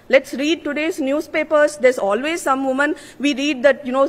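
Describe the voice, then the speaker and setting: A woman, an author giving an earnest, emphatic speech at a literary conference. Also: high voice. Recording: long reverb of a large hall.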